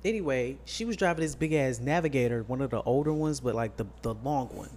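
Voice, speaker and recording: A man's voice: mid-range voice, lively intonation, fairly quick, darkish tone, a little hiss or hum. A young man co-hosting a podcast, casually telling an irritated, sassy story. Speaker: podcast co-host.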